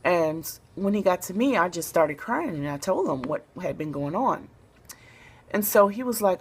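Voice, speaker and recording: A woman from Memphis, Tennessee, with a notably low-pitched voice tells a personal story straight to camera. She talks in a relaxed, soft-spoken way and often pauses on fillers. A faint hum of noise sits underneath her voice. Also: rough recording. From Memphis, Tennessee, USA. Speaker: vlogger telling a personal story.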